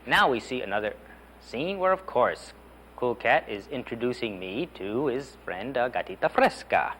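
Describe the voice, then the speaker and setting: A man teaches beginner Spanish with lots of enthusiasm, coaxing learners to repeat each phrase. His pitch swings widely as he drills. A faint background hiss sits under the recording. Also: lively intonation, moderate pace, a bit bright. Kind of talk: animated language lesson.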